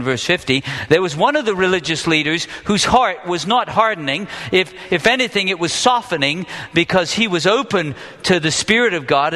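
A man with a high, bright voice preaches a sermon to his congregation, talking to them casually and asking them questions as he goes. His voice rings out in a hall with a long reverb. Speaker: pastor. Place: church hall with live congregation.

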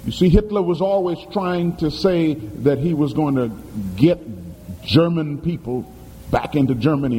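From a church sanctuary comes a fairly high, warm male voice at normal speed, preaching with emphatic storytelling and questions aimed at the congregation. The recording has long hall reverb, faint ambience and a touch of hiss or hum.

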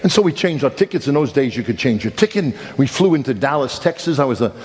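A middle-aged male pastor preaching a sermon, telling a funny story in an animated, self-mocking way with sudden emphatic rises. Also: mid-range voice, quick pace. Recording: long hall reverb, faint background noise.

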